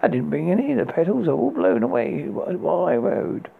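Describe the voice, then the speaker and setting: A man's voice: high voice, sing-song, fairly quick, gravelly, phone-quality sound, a little hiss or hum, full character voice. A man voicing a proud, impatient young prince in a storybook reading. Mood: indignant.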